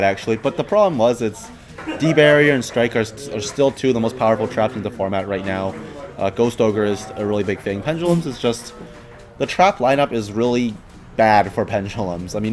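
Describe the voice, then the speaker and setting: A man's voice: fairly low pitch, fairly quick, faint music behind. A friendly man with a Canadian accent, a guest explaining his views on card games. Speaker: guest player. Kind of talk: casual chat about card games.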